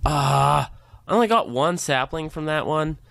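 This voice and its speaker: Guy doing let's play commentary, slow and chatty, pitch jumping all over when he gets excited. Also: creaky, no room sound. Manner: chatty, excitable, groans and cheers at the game. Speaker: gaming channel host.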